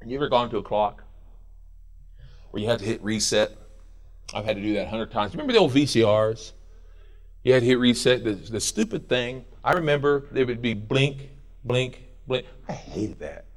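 A middle-aged man preaching a sermon as pastor in a church, animated and jokey, with quoted voices and bits of song. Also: mid-range voice, moderate pace. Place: church sanctuary.

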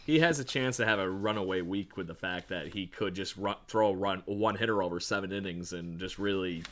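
A man's voice: deep voice, fairly quick, fairly bright tone. Laughing, rambling baseball podcast man. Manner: joking, laughs often, rambling. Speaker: podcast host. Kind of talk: casual sports chat.

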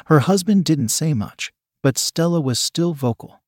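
A man telling a first-person story in a calm, even storytelling voice. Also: on the high side, a little slow, dry recording, clean studio sound. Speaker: narrator.

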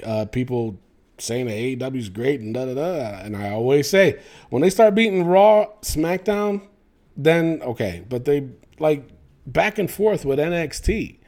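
Guy ranting solo on his podcast, kinda high voice, warm, lots of ums and cussing. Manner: opinionated, animated, swearing, many fillers. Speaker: podcast host. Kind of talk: solo wrestling podcast rant.

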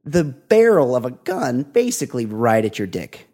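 A man's voice: medium pitch, big pitch swings, darkish tone. Rambling man, podcast co-host. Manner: rambling, hesitant, drawn-out musing. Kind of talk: casual chat.

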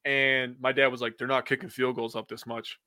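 A man co-hosting a casual sports podcast, excitable and quick to swear as he talks through the games. His voice is bright and forceful, mid-pitched, and sits dry and close with no room around it. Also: dry recording.

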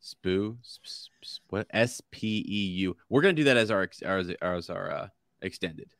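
Brief: deep-voiced male co-host, loose and rambling, dry close mic. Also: animated, moderate pace, fairly bright tone, dry recording. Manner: rambling, with frequent restarts and laughter. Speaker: podcast co-host. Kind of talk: casual book discussion.

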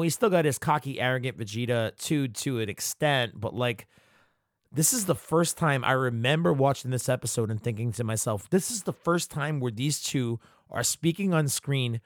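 A man's voice: mid-range voice, animated, normal speed, dry recording, clean studio sound. A man hosting a podcast, giving loose, profane fan commentary as he retells scenes. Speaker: podcast host.

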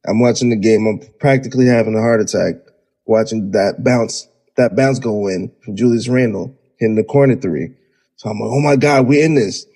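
Man, podcast producer, exasperated, slangy, swearing, dark mellow husky voice. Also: on the low side, moderate pace. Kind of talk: heated sports podcast chat.

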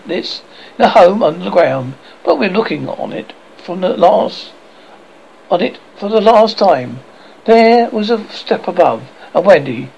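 Man, audiobook reader, lively pitch, gravelly, dull lo-fi recording, faint noise. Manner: unhurried, with small slips and self-corrections. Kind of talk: reading a children's novel aloud.

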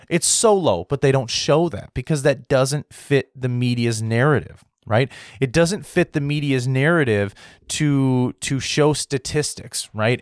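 An American man giving a heated opinion monologue to his viewers, restarting sentences, clearing his throat often and tagging his points with "right?". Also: mid-range voice, no room sound, studio quality. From United States. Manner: heated, repetitive, frequent "right?" tags and restarts. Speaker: political commentary host.

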